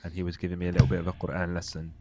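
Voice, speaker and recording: Deep-voiced British man telling stories. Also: completely flat delivery, racing, background noise. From Britain. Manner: laughs often while telling stories. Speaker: podcast co-host. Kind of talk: casual podcast chat.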